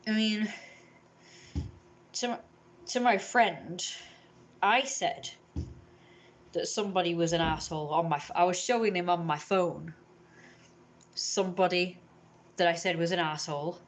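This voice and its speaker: A young woman tells a long grievance to her camera, rambling and indignant, with a somewhat low voice. She jumps into higher voices to mimic the people in her story. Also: unhurried, long pauses. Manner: rambling, indignant, acts out others in raised voices. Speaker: vlogger.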